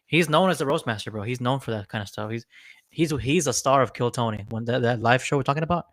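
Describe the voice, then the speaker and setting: A laid-back young man with a mid-pitched voice co-hosts a casual political chat. He agrees easily, swears casually, and drops "bro" often, and his voice sounds dry and close with no room echo. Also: quick pace, a bit bright. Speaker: podcast co-host.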